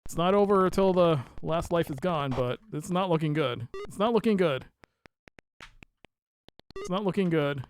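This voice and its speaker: A live streamer giving chatty let's play commentary, rambling with self-correcting asides and breaking into loud yelps and laughter while playing. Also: mid-range voice, moderate pace, slight background noise.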